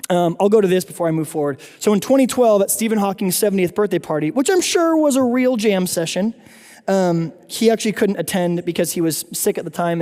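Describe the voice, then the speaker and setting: A man's voice: high-pitched, dark tone. A man giving an informal lecture with slides at a church apologetics forum, chatty, with joking asides. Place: church hall. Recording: echoey hall.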